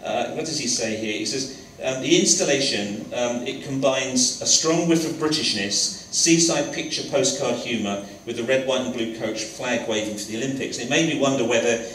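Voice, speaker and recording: A man acts as interviewer and host of an on-stage talk in a college lecture hall, speaking hesitantly with many fillers and restarts. His mid-range voice is a bit bright and moves at a moderate pace with few pauses. The recording is roomy, picked up from a distance, with slight background noise.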